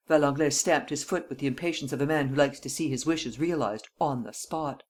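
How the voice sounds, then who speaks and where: Steady audiobook narrator. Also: mid-range voice, brisk, few pauses. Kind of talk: scripted narration.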